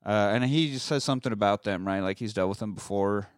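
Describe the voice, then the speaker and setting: A man's voice: fairly low pitch, quick pace, clear, resonant tone, no echo, studio quality. A man casually recapping a movie with a friend, rambling and swearing freely, breaking into quoted lines. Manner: rambling, profane, quotes lines in silly voices. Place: lives in Austin.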